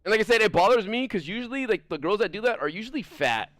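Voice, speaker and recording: A young man chats on his livestream in a higher-than-usual voice that swings widely up and down. He is blunt and profane and rambles through his thoughts with a steady stream of fillers. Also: fast, dry recording. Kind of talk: casual livestream chat.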